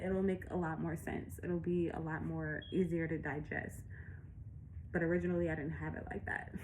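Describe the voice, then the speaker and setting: A woman's voice: on the low side, a little mellow, a little hiss or hum, rough recording. Chatty breathless woman showing her artwork. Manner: chatty, laughs often, casual slang and cursing. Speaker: illustrator showing her picture book. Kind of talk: casual talk-through of her artwork.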